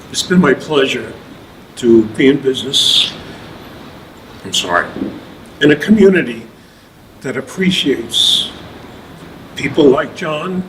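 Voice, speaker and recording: Older man, halting, far from the mic. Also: mid-range voice. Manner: halting and modest. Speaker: award recipient. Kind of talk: acceptance speech. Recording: distant mic in a noisy hall.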